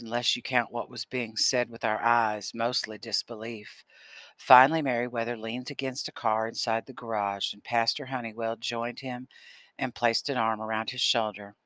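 A man narrating an audiobook in a steady storytelling manner. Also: medium pitch, no echo. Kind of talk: scripted narration.

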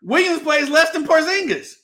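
A man's voice: very high-pitched, expressive, moderate pace, bright, forceful tone. A man hosting a casual sports podcast, talking with many fillers and restarts and laughing often. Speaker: podcast host.

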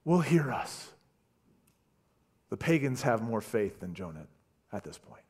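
A man preaching a sermon, retelling a story with animated delivery and stammered repeats. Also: medium pitch, a little slow, long pauses, breathy edge. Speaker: pastor.

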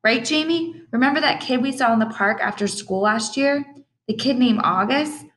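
An exasperated middle school boy insists and protests in a storybook, his voice pitched up and urgent. A woman gives him voice. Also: moderate pace, a bit bright, close to an everyday voice.

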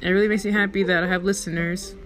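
A woman's voice: medium pitch, quick pace. A woman hosting her own show, telling a personal story in a casual, rambling way. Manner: chatty, rambling, animated in recounting. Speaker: storyteller host.

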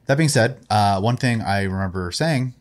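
A man co-hosting a casual gaming podcast, speaking haltingly with many fillers. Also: on the low side, animated. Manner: hesitant, many fillers and restarts, chuckles. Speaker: podcast co-host. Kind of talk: casual chat.

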